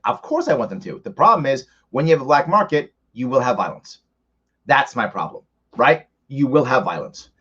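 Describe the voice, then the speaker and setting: A man talks his way through viewer questions on a live ask-me-anything stream, conversational and building his case by examples. His voice sits on the higher side and rises and falls with a lot of movement. The stream audio sounds a little muffled and lo-fi. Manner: animated, conversational, arguing by examples. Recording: slightly dull lo-fi stream audio.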